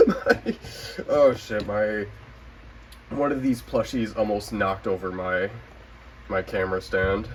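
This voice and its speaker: A man's voice: lowish voice, fairly even intonation, slow pace, slight background noise, rough recording. A young man casually showing off his toy collection on camera at home, rambling with lots of fillers, swearing and laughing often. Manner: rambling and profane, filler-heavy with frequent laughter. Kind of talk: casual show-and-tell vlog.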